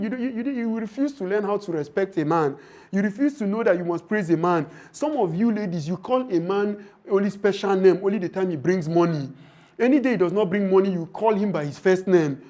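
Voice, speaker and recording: A man with a high-pitched voice lectures on relationships in a training session. He speaks emphatically and preachily, and he acts out the lines of husbands and wives as he goes. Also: darkish tone. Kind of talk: training talk to women.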